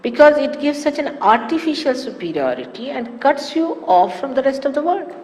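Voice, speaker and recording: A woman giving a spiritual talk to followers, animated and teasing with amused asides. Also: high voice, normal speed. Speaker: spiritual teacher. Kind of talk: sermon-style spiritual talk. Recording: echoey hall with faint hiss, archive 1989 tape.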